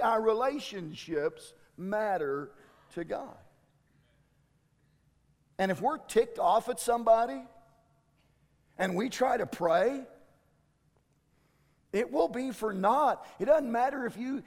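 Male pastor, high voice, emphatic sermon delivery, reverberant hall. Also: darkish tone. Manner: emphatic, exclamatory preaching.

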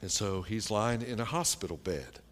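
A man preaching a sermon, telling a personal story in a slow, plain-spoken way with pauses and fillers. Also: fairly low pitch, expressive, fairly bright tone.

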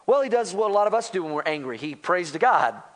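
A man preaching a sermon to a church congregation, animated and conversational, acting out quoted lines and asking the congregation for responses. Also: high-pitched, fast talker. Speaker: pastor.

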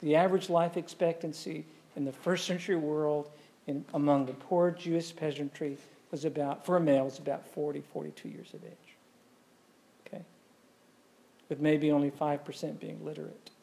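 A man's voice: a little high, steady tone, normal speed, vocal fry, mellow. A man preaching a sermon in a conversational way, often asking the congregation questions. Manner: conversational, asks the audience questions. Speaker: pastor.

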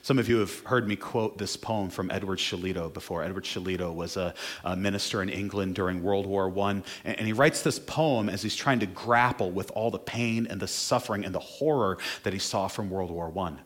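A male pastor preaching a sermon, moving from quiet, slow, tender lines to loud, emphatic declarations. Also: deep voice.

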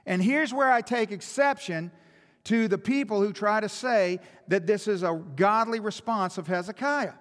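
Male preacher, high voice, emphatic sermon delivery, rhetorical questions, long hall reverb. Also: moderate pace, a bit bright.

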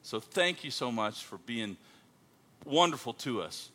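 A man's voice: mid-range voice, lively intonation, measured pace, pushed and bright. A man preaching as a guest missionary in a church, playful and joking with the congregation. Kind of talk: sermon opening with jokes. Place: church sanctuary.

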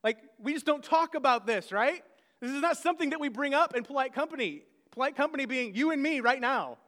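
Man, pastor, sermon, conversational, self-deprecating, high voice, long reverb. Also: lively intonation, fairly quick, pushed and bright.

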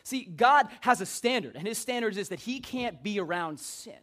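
A man's voice: sits high, animated, moderate pace, fairly bright tone. A man preaching an informal sermon in a joking, conversational way.

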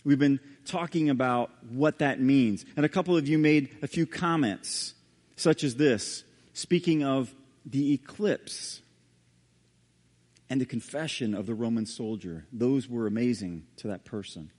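A male pastor preaching a sermon and reading scripture aloud, dramatic, with sudden hushed low drops on key words. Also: unhurried. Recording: long hall reverb.

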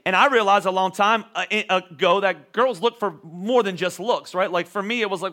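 Pastor guy in his 30s, high voice, talks loose and conversational, repeats himself a lot. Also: animated, fairly quick, hardly any pauses, bright, forceful tone. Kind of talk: sermon.

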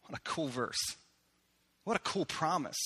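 A man preaching a sermon in a church, talking conversationally and slowing down to read scripture aloud. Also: a little high, animated, bright, forceful tone, breathy edge. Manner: conversational preaching, slows down when reading scripture. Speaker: pastor. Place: church sanctuary.

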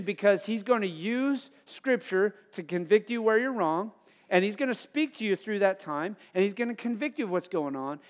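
Male pastor, high voice, emphatic preaching with soft drops; long church-hall reverb. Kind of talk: sermon.

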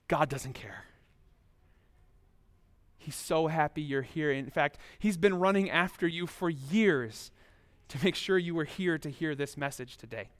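A man with a notably high voice preaches a sermon as a pastor. He keeps it conversational and speaks straight to his listeners, often with rhetorical questions. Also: measured pace.

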